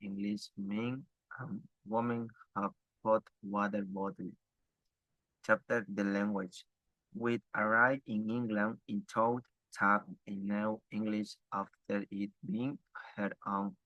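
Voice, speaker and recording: Slow, halting man reading aloud. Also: lowish voice, flat delivery, bright, forceful tone, no room sound, muffled recording. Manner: halting, stumbling reading with restarts. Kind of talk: reading a text aloud for an exam.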